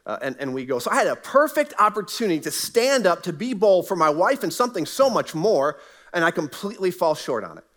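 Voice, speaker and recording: A man's voice: high-pitched, very animated, a little fast, fairly bright tone. A middle-aged man preaching a sermon as a pastor, telling a personal story in an earnest, conversational way. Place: church sanctuary.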